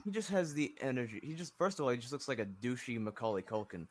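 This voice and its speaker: A man's voice: mid-range voice, very animated, fast talker. A young man co-hosting a casual podcast chat, ranting and mocking with lots of swearing.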